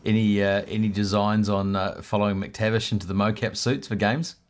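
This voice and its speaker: Male interview host, lowish voice, easygoing, rambling questions. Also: brisk. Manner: relaxed, rambling, stumbles and repeats words. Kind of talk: casual interview chat.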